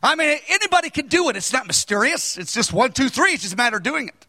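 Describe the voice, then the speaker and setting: High-voiced, bright older male preacher. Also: big pitch swings, fast talker, long reverb tail. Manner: earnest, emphatic, bursts of shouting. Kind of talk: sermon.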